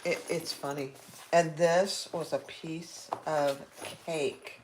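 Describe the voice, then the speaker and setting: A woman with a low, steady voice takes things slowly, with a bit of background noise. As host of a sewing livestream, she chats with viewers, reads their comments, and reacts aloud to her own work.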